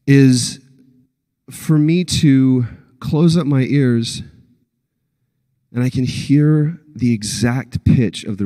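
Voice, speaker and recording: A man in his forties, a voice actor telling animated stories at a convention panel and acting out the quotes. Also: medium pitch. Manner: animated storyteller, acts out quotes. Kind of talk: anecdotal panel talk.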